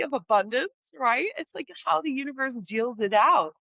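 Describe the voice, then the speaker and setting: A woman's voice: sits high, lively intonation, normal speed, gravelly, no room sound, muffled recording. A middle-aged woman hosting her own vlog, reflecting candidly and casually, with frequent swearing. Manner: casual, frank, swears freely. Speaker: host.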